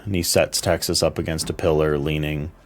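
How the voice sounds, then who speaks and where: A man narrating as game master in a slow, measured, descriptive way. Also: rumbling low, flat delivery.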